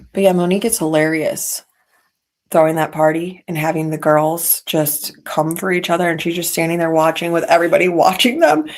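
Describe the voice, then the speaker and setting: A woman's voice: lowish voice, darkish tone. A woman hosting a podcast, chatting in a casual, opinionated way and dropping petty asides. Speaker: podcast host. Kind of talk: casual reality-TV gossip commentary. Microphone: podcast mic.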